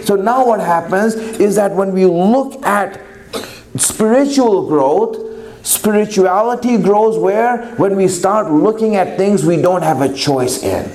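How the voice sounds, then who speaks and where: A man with a fairly high voice preaches a sermon, spinning a parable and voicing its characters before pressing his point with rising emphasis. The room around him is echoey and reverberant. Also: darkish tone. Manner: storytelling, acting out dialogue, rising to emphatic exhortation.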